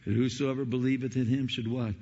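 A male pastor preaching an impassioned Christmas sermon, swinging between loud questions and low, soft appeals. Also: flat delivery, a little fast. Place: church sanctuary. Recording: dull, hall reverb.

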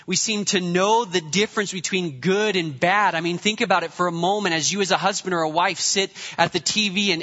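Male pastor, sermon, dull-sounding recording in a reverberant church hall. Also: fairly high pitch. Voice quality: bright, animated delivery with jokey put-on voices.

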